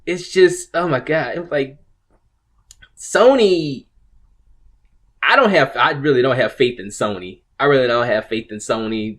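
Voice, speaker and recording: A man's voice: medium pitch, a bit bright. A man hosting a casual commentary video, rambling and swearing, with frequent restarts and laughs. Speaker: video host.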